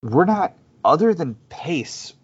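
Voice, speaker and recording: A man co-hosting a casual soccer podcast, talking in a halting way with many restarts and fillers. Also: a little high, very animated, husky. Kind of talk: casual sports chat. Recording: dull lo-fi audio.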